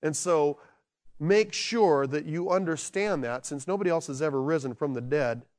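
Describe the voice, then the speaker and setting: A man preaching from the pulpit in a fairly high voice. He moves between slow, hushed stresses on key words and lively, excited bursts. The delivery is animated and conversational. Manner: animated, swinging from quiet emphasis to excited shouting. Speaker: pastor. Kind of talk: sermon.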